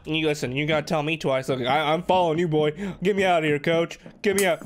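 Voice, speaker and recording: A man's voice: on the high side, fairly even intonation, fast talker, few pauses. A man commenting on a horror game he is playing, rambling jittery self-talk. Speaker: let's play gamer. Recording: game music behind.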